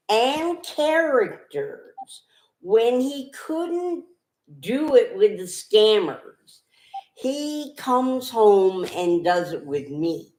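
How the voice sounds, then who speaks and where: A woman's voice: a little high, sing-song, drawn-out words, a little mellow. A middle-aged woman co-hosting a casual livestream, making dry remarks. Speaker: co-host, host's wife. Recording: echoey room.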